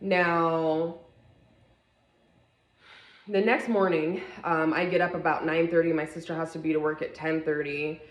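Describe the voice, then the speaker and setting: Low-voiced woman telling a story. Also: measured pace, long pauses. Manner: animated, acts out quoted voices. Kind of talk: casual storytime vlog. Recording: echoey room.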